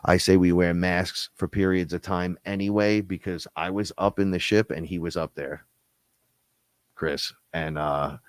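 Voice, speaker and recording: Deep-voiced man, rambling and profane. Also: a little slow, no echo. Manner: rambling, profane, animated storytelling. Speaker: host. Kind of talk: casual spiritual talk-show monologue.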